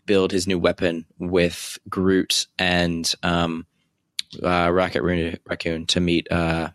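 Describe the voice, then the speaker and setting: A young man with a low, deep voice chats hesitantly about a movie, stopping often to search for words. His voice is recorded dry, with no room sound. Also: completely flat delivery, no echo. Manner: hesitant, halting, frequent fillers. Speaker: podcast co-host. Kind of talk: casual movie review chat.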